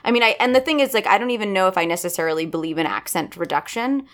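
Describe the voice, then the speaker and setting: Animated woman voice coach. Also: mid-range voice, rapid-fire. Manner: animated, keeps checking in with "right?". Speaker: voice and dialect coach. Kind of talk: casual chat.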